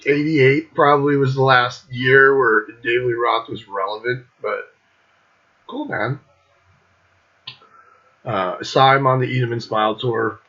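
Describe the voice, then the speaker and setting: A man's voice: mid-range voice, fairly even intonation, measured pace, pauses often, bright, forceful tone, muffled recording. A middle-aged man hosting his own show, telling a rambling concert story with lots of swearing and laughter. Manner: profane, laughing, loose and rambling. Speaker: host.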